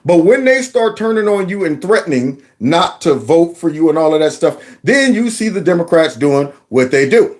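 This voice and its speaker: A man hosting casual political commentary, mocking and animated, with many fillers and restarts. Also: a little high, normal speed, few pauses.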